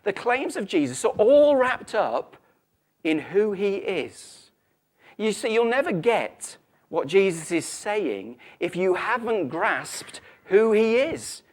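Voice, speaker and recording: A man preaching a sermon in a church, conversational and animated, telling a story with asides. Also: high-pitched, takes it slowly.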